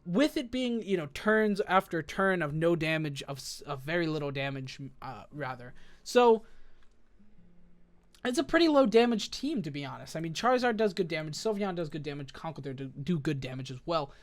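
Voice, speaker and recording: A man's voice: fairly high pitch, lively intonation, normal speed. Rambling casual man thinking aloud. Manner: rambling, self-correcting, many fillers like "um" and "like". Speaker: video creator building a competitive team.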